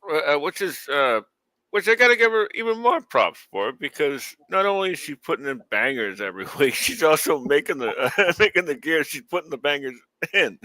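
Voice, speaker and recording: A man co-hosting a wrestling podcast in casual chat, halting with many fillers and then jumping into sudden lively bursts. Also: mid-range voice, dry recording, poor audio. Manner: halting, full of uhs and likes, then lively spikes. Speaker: podcast co-host. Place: home setup on a live stream call.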